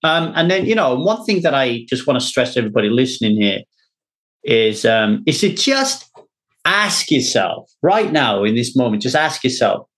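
A man's voice: medium pitch, big pitch swings, moderate pace, a bit bright. A man hosting a podcast, talking earnestly in a rambling, repetitive way. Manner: earnest, rambling, repeats words when thinking. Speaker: podcast host. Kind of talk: casual podcast chat.

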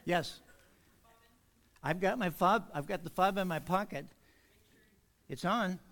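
Pastor guy with a pretty high voice preaching in church, cracks a few jokes then drags out the big words. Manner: slows and stretches key words for emphasis; warms up with jokes, easygoing asides. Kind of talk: sermon. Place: church sanctuary.

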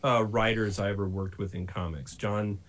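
A man with a lowish voice chats casually at a normal pace, telling stories with lots of animation and frequent laughter.

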